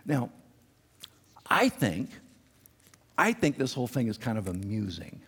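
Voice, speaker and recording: A male pastor preaching a sermon, animated and acting out the quotes with a raised voice. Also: measured pace, pauses often, breathy edge. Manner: animated, acts out quotes with raised pitch and volume. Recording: long reverb in a large hall.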